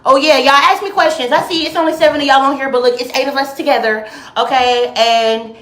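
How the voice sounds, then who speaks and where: A high, bright woman's voice delivers an indignant live-stream rant to viewers from home. She talks with heated emphasis and big leaps in pitch. The sound has an echoey room around it. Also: fairly even intonation, fairly quick. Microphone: phone or webcam live stream.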